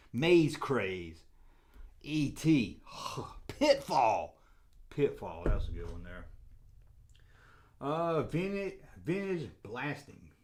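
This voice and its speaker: A middle-aged man with a Southern accent chatting casually on a livestream, reading viewer comments in a rambling, jokey way and getting loudly excited. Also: mid-range voice. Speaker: toy collector channel host.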